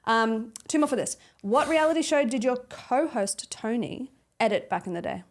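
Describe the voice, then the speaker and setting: A woman's voice: on the high side, animated. A woman co-hosting a podcast, reading quiz questions and retelling stories in casual chat, laughing as she goes. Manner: laughing, reads questions haltingly. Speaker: podcast co-host.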